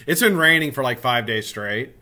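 A man's voice: medium pitch, expressive, normal speed, pushed and bright. A tired, middle-aged man hosting a casual live stream, swearing freely and greeting viewers by name.

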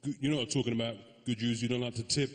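A man's voice: mid-range voice, steady tone, rapid-fire. A man performing a stand-up comedy routine live on stage, crude and cheeky, who often slips into mock accents. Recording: echoey comedy venue with audience noise.

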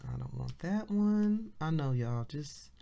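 A woman minister giving a casual devotional Bible teaching, chatty and colloquial, reading verses slowly and repeating key phrases. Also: sits low, animated, vocal fry, warm tone, lo-fi sound.

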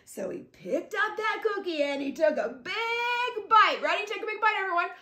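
A woman's voice: very high-pitched, animated, normal speed, bright, forceful tone. A woman reading a picture book aloud to young children, playful, adding sound effects and prompting them to join in. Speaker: guest story reader. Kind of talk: animated read-aloud to children. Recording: echoey room.

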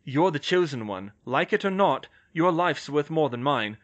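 A man voicing a steady adult curse breaker who explains things calmly and protectively in an audiobook. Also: fairly high pitch, normal speed, lo-fi sound, natural voice. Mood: reasoning. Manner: level-headed, explaining. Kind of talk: audiobook character voice.

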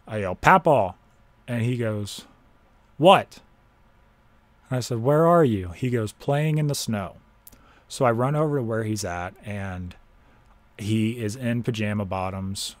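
A young man from Ohio hosting a podcast, telling a personal story in a casual, halting way and swearing freely. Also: fairly low pitch. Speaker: podcast host.

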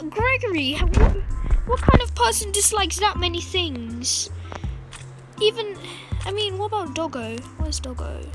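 A woman giving casual, exasperated commentary over a game, laughing and talking back to characters. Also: extremely high pitch. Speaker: gaming channel host. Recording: game music behind voice.

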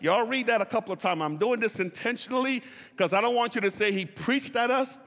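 A man's voice: high voice, fairly quick, fairly bright tone. A male pastor preaching a sermon, calling on the congregation to repeat phrases and stretching out key words for emphasis. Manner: call-and-response preaching, drawing out key words. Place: church sanctuary. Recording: reverberant church hall. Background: long hall reverb.

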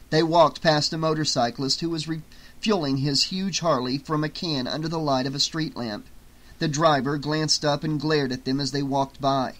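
A man narrating an audiobook in a steady, measured reading. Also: fairly high pitch. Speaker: audiobook reader.

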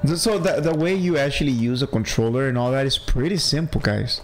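A man's voice: mid-range voice, a little fast, low-quality recording. A man with a heavy accent chats his way through a playthrough as a gaming channel host. He talks casually and laughs at himself, with faint game music underneath. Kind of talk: casual let's-play commentary.

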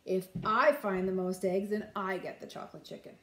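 A woman's voice: sits high, very animated, measured pace, echoey room, pitched above the performer's own voice. A woman voicing a bossy older-sister girl who scolds her little brother, in a storybook reading. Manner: bossy, sing-song calling.

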